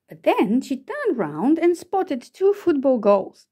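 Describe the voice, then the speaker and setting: A woman reading a children's picture book aloud, telling the story slowly and expressively. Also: high-pitched, big pitch swings, dark tone. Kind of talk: children's read-aloud narration.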